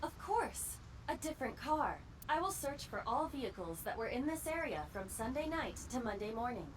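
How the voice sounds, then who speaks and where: Fields: Sex: AI assistant. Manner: precise, lively pitch. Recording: distant, under music. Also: female voice, moderate pace, a little hiss or hum. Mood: brisk. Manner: precise, matter-of-fact. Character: cool, literal-minded female AI assistant. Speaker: game character.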